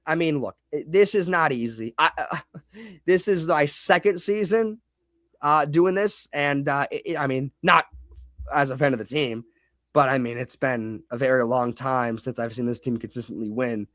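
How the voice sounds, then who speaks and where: A man's voice: medium pitch, measured pace, fairly bright tone, dry recording, studio quality. A young man hosting a casual live football reaction stream, rambling and reading chat comments aloud.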